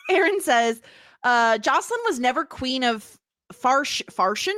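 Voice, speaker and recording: A woman co-hosting a casual podcast chat, animated and quick to laugh, often teasing herself. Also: high voice, no room sound. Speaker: podcast co-host.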